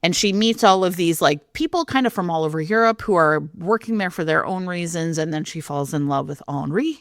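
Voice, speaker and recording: A woman co-hosting a book podcast, recommending a novel in relaxed chat with hesitant fillers. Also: on the low side, fairly quick, no room sound, clean studio sound. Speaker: podcast co-host.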